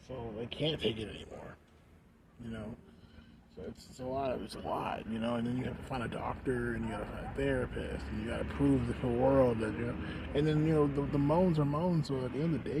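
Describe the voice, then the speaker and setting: A young man rambles through a casual vlog, high and slurring his words. His voice sits at a middle pitch, drifting between fillers. Clear background noise runs under the whole recording. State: high on edibles. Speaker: vlogger. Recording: noisy background.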